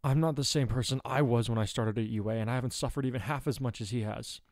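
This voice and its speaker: A man's voice: medium pitch, fast talker, a little mellow, dry recording, clean studio sound, lightly acted. A man voicing a distraught teenage girl hero student who is tired and short of breath from jogging. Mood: fierce.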